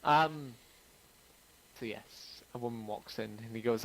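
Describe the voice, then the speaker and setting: A man's voice: medium pitch, a little slow, creaky, long pauses, low-quality recording. A man narrating as game master, casual, with joking, profane asides.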